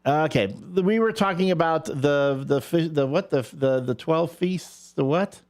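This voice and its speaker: A man co-hosting a morning radio show, talking in a rambling, halting, jokey way. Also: fairly high pitch, a little mellow. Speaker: radio co-host. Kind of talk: casual morning radio banter.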